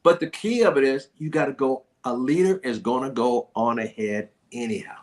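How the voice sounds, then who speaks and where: A man's voice: mid-range voice, moderate pace. Male host, mid-range voice, reads a passage, then riffs with repeated emphatic phrases. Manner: repetitive, folksy, sermon-like emphasis. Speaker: book review host. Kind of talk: reading aloud and discussing a business book.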